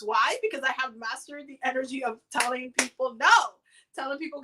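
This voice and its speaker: High, bright-voiced woman doing chatty card readings. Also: steady tone, normal speed, low-quality recording. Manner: chatty and loose, slangy, many fillers and repeats. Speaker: oracle card reader hosting a live reading. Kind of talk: casual livestream chat during card pulls.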